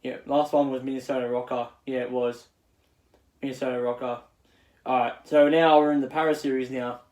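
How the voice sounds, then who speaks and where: A man hosting his own channel who runs through esports match results in a casual recap, halting often with fillers and restarts. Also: medium pitch, little pitch movement, darkish tone. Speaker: channel host. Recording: echoey room.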